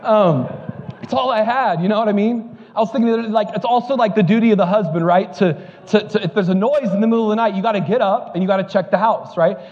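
A man's voice: high voice, fast talker, darkish tone, big-room sound, dull audio. A male pastor preaching a sermon, telling joking stories before building to fervent preaching at a church service.

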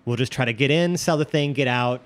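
A man's voice: mid-range voice, a little fast. A man playing a tabletop game, joking and rambling as he talks through his moves. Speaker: player. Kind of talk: casual tabletop game play.

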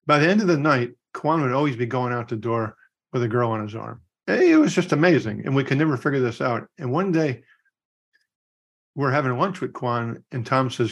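A man's voice: mid-range voice, fairly quick. Gray-haired man telling stories. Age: middle-aged. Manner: storytelling, animated quotes. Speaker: podcast co-host. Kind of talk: casual chat.

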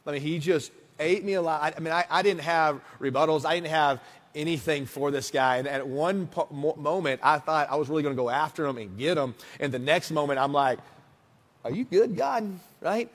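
A man's voice: a little high, brisk. Man in his thirties preaching a sermon. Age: 30s. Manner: conversational, swings from hushed to emphatic. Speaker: pastor. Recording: long hall reverb.

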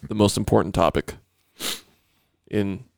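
A man's voice: lowish voice, fairly even intonation, measured pace, creaky, a little mellow. A man chatting casually with friends, swearing and poking fun at himself while steering the talk. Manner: self-mocking, swears, steers the topic. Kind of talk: casual banter among friends.

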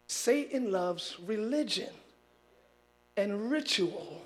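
A man's voice: high voice, very animated, very slow, long pauses. A man preaching a sermon as pastor, calling out to his congregation and pushing them to answer back. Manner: shouting preacher, call-and-response with congregation.

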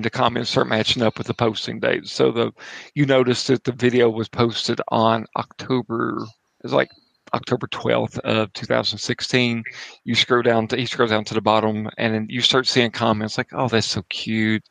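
At home, a man serves as game master for a tabletop horror game, narrating casually in halting bursts with restarts and asides. His mid-range voice is gravelly with rough fry, flat in delivery and a bit bright, captured close and dry with no room sound on a low-quality recording.

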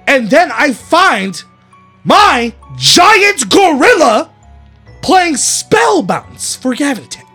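A man voicing a scorned male villain inventor in a tabletop game, aggrieved and building to outraged shouting. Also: extremely high pitch, very animated, extremely slow, faint music behind, voice pushed up, heavily acted.

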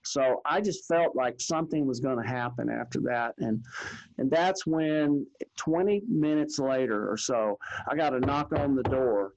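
A man telling his own story of facing cancer, with halting speech and repeated words. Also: medium pitch, darkish tone, dull audio. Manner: halting, repeats words, quotes others plainly. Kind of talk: personal testimony.

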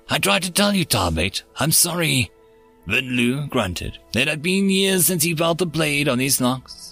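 A man reading science-fiction short stories aloud in an expressive narration. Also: mid-range voice. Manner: expressive storytelling read. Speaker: story narrator. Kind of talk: scripted narration.

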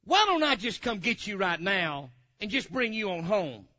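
A man telling a testimony in a sermon, swinging from loud hollering to low, quiet asides. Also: normal speed. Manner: animated storyteller, swings from hollering to low murmurs. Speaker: preacher. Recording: dull lo-fi recording.

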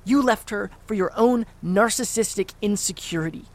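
Casting: a man as a sharp-tongued grown son in an audio drama, high voice with a gravelly edge. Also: normal speed. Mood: angry. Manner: blunt, cursing, cutting sarcasm. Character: grown son, bitter and sharp-tongued toward his father. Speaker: actor in an audio play.

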